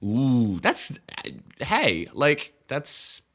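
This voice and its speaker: A man co-hosting a casual podcast with a bright, forward voice. His pitch swings widely as he tosses in wry asides and jokes. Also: very animated, normal speed. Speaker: podcast co-host. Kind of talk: casual chat.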